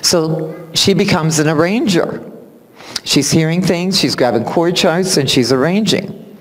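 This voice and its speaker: A man, a music teacher, giving a spoken introduction at a recital in animated storytelling fashion, acting out what people said and laughing often. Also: on the high side, a little slow. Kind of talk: spoken tribute speech at a recital. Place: recital hall. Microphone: far camera. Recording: long hall reverb from a camera.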